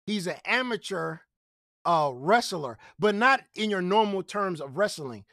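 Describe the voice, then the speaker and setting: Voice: mid-range voice, expressive, unhurried, a bit bright, dry recording, studio quality. A stream reactor giving crude, laughing commentary on a clip.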